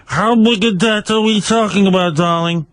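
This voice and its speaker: A man's voice: sits high, normal speed, fairly bright tone. A man voicing an old male radio finance advice host, drawling and calling callers darling in a comedy impression. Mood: unctuous.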